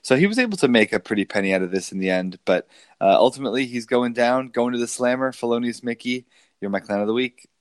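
A man's voice: fairly low pitch, animated, fast talker, no room sound. A man co-hosting a podcast, talking in casual political banter and mocking a public figure, with many fillers. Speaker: podcast co-host.

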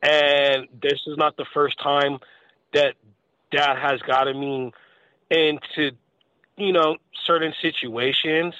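A man with a somewhat higher voice talks in halting bursts, restarting his sentences and dropping casual slang. The recording is dry and dull, with a lo-fi edge. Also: little pitch movement, pushed and bright, no echo. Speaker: co-host. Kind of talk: loose live-stream talk.

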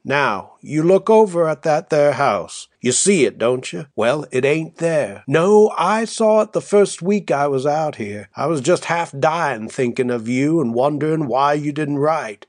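A man's voice: a little high, animated, unhurried, hardly any pauses, no room sound, studio quality. A man reading an audiobook, voicing a folksy young frontier husband who talks in a rustic drawl and coaxes his wife with a homespun tale. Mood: yarn-spinning. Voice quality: rustic drawl with dropped endings. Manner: coaxing, homespun storytelling.

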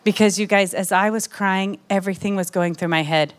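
A young adult woman giving an emotional, animated testimony sermon to a women's church gathering, with many asides to the crowd. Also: mid-range voice, fairly quick, few pauses.

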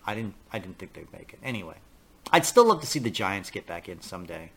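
A man's voice: low-pitched, big pitch swings, fast talker, fairly bright tone, breathy edge. A man hosting a talk podcast in a casual, rambling monologue, often restarting his sentences. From New York area. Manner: rambling, repeats himself, acts out quoted voices. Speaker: podcast host.

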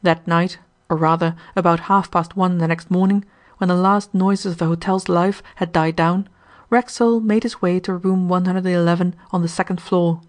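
A woman reading a novel aloud as an audiobook narrator, with a measured and expressive delivery. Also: lowish voice.

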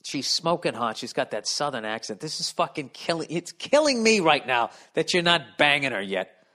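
A man in his fifties with a Boston accent hosting a solo podcast, reading listener mail aloud and riffing on it in a profane, animated rant. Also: fairly high pitch, normal speed. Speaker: podcast host.

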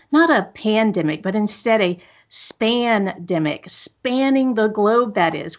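A woman's voice: mid-range voice, highs cut off. Upbeat woman hosting a podcast. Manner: upbeat, reflective and encouraging. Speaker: podcast host. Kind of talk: solo podcast monologue. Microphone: studio microphone.

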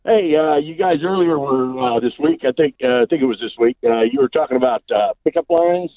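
A man's voice: medium pitch, brisk. A man calling in to a radio talk show, telling a long rambling joke full of fillers and repeated "he says". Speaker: caller. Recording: phone line.

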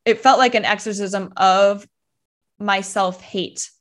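A young woman speaks as a podcast guest, telling a personal story in easy conversational chat. She leans on "like" constantly and slips into voicing her own past thoughts mid-sentence. Her pitch sits in an ordinary middle range. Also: steady tone. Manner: fast, filler-heavy talk with many "like"s, acting out her own past thoughts. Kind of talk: casual storytelling interview.

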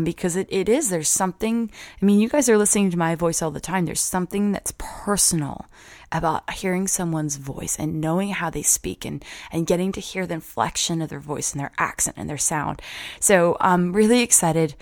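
A woman in her thirties hosting a motivational podcast, warmly earnest and upbeat. Her voice sits a little low, and she doubles words when she gets excited. The sound is dry and close. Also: moderate pace, no echo. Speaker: podcast host.

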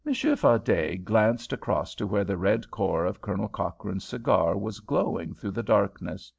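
A man narrating an audiobook in an expressive storytelling manner. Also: fairly low pitch, normal speed, vocal fry, husky. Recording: dull lo-fi recording.

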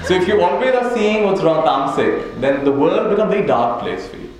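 Man, spiritual teacher, storytelling talk, chuckles a lot, slightly high voice, very echoey hall. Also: sing-song, fairly quick. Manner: chuckles often, checks in with "right?". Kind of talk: talk to a live audience with stories. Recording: very echoey hall, faint noise.

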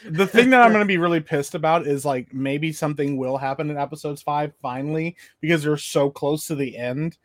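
A man with a high-pitched voice chats casually as a co-host, sarcastic and profane, acting out the scenes he mocks. The sound is dry and close, with no room around it. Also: fairly quick, no echo. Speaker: podcast co-host. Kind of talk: casual chat.

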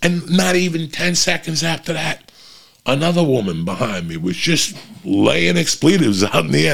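A middle-aged man hosting a show, telling a story in casual, profane, animated chat to his listeners. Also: a little high, normal speed, creaky. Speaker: podcast host.

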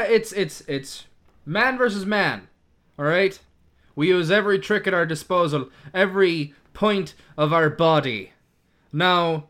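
Bright, high man hustling in character. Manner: fast, pleading, hustling. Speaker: player. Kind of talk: in-character tabletop role-play.

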